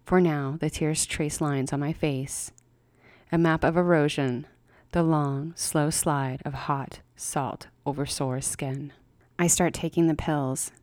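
Female horror-story reader, measured pacing, low voice, dry close sound. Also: steady tone, a little mellow, no room sound. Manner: measured, with slow dramatic pauses. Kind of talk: reading a horror story aloud.

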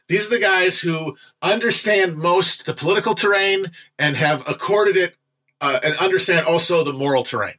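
A young man hosts a relaxed livestream talk about a book he has been reading with his viewers. His voice sits a little high and rings bright. He rambles, restarts and fills gaps with "uh", and drops a curse now and then. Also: moderate pace. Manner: loose, chatty, digressive with frequent fillers and profanity. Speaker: livestream host discussing a history book. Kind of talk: casual livestream book discussion.

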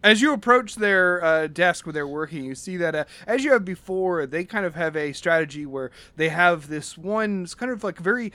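A man's voice: high-pitched, lively intonation, normal speed, few pauses, sharp tone, no echo. A man running a tabletop game as game master, rambling with many fillers.

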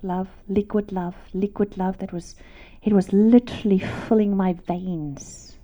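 Woman preacher sharing her testimony, mid-pitched, shifts between near-whisper and fervent emphasis. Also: steady tone, a little slow. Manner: drops to hushed whispers, then rises to emphatic repetition. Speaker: Christian speaker giving a testimony. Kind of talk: emotional testimony sermon.

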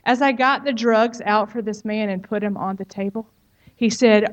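Woman, middle pitch, frank testimony speaker, conversational with emphatic asides, muffled audio. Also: moderate pace. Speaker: speaker giving a personal testimony. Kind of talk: personal testimony talk.

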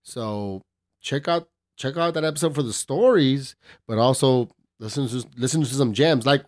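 A man's voice: medium pitch, moderate pace, dry recording, clean studio sound. A man hosting a casual podcast, joking loosely with slang and swearing and laughing often. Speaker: podcast host.

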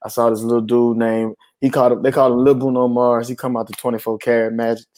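A man's voice: medium pitch, flat delivery, fast, darkish tone. A man from Georgia, a guest on a show, telling a story in a laid-back, joking, slangy way. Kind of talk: casual storytelling.

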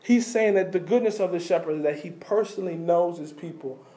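A man with a high voice preaching a sermon. He fires rhetorical questions at the listeners, repeats key words for emphasis, and drops into quiet low asides between loud points. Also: a little fast. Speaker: pastor.

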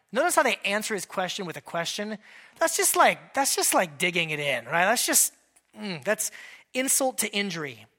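A male pastor preaching a sermon in a conversational, joking way, acting out quoted lines with a raised voice. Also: high voice. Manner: conversational, joking, animated Bible teaching.

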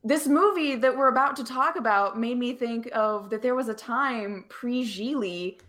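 A woman's voice: a little high, moderate pace, fairly bright tone. Wry female podcast co-host. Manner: wry, joking. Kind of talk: casual chat.

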